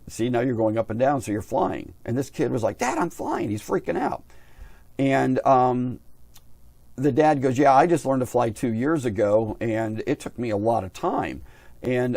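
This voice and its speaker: A man's voice: medium pitch, normal speed, a little mellow, no echo. A middle-aged man, an aviation hobby vlogger, tells a long casual story, rambling and repeating himself. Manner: rambling, repeats himself, quotes others in his own voice.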